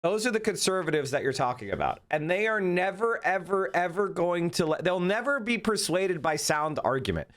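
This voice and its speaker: A man's voice: high-pitched, very animated, normal speed, few pauses, fairly bright tone. A man giving casual political commentary, rambling with many fillers and hesitations.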